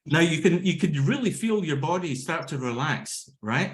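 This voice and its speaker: A man's voice: on the high side, expressive, moderate pace. A man teaching laughter yoga over a video call. He talks energetically, breaks into ho-ho-ha-ha-ha chants and laughter, and keeps checking in with "okay?" and "yeah?". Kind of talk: instructional talk with demonstrations. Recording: roomy echo on a video call.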